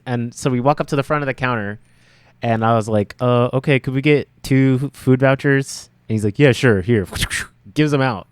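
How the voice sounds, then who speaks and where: A young man tells a rambling story on a casual podcast, breaking into laughs and acting out the lines of the people in it. His voice sits at an ordinary pitch for a man. The sound is dry and close to the mic. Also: measured pace, no room sound. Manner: rambling, laughs often, acts out quotes. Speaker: podcast co-host.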